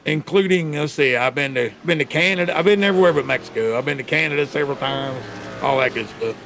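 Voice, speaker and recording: A laid-back man gives color commentary, his voice gravelly and a touch high. He speaks plainly and casually. Clear background noise runs under his mic. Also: quick pace, fairly bright tone. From United States.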